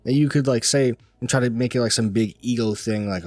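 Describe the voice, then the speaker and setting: A man's voice: mid-range voice, brisk, a little mellow, no room sound. A man giving a casual, rambling faith-based pep talk, repeating himself and restarting sentences. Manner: rambling, repetitive, restarts often, laughs lightly. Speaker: motivational vlogger.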